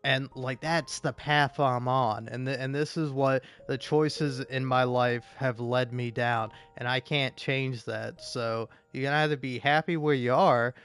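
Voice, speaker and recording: A man's voice: medium pitch, steady tone, a little slow, hardly any pauses, fairly bright tone, clean tone, soft background music. A man live streaming a game, rambling casually with lots of fillers, stammers and swearing. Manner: meandering, profane, stammering with many fillers.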